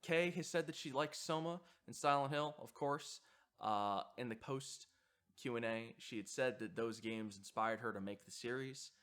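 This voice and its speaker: Guy doing a video essay, kinda halting, lots of uhs and restarts, normal pitch. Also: fairly bright tone, clear, resonant tone. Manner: hesitant, frequent fillers and restarts. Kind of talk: reflective commentary on horror sound design.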